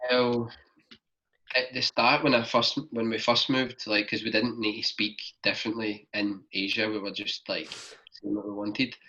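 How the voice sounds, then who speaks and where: A man's voice: lowish voice, little pitch movement, normal speed, sharp tone. A young man from Scotland with a Glaswegian accent, a podcast guest telling travel stories in a rambling, casual way full of "like". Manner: rambling, fills talk with "like". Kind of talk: casual storytelling chat. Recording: dull lo-fi podcast recording.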